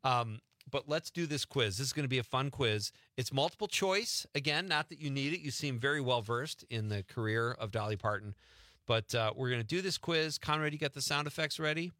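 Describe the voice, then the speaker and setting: A man's voice: medium pitch, expressive, brisk, sharp tone, dry recording, studio quality. A man hosting a radio talk show, joking and laughing while he reads out a multiple-choice quiz. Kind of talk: casual radio chat and quiz.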